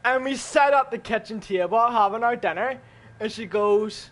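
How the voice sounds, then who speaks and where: A man telling a story in a casual, profane, animated way while gaming with friends. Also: high-pitched, moderate pace.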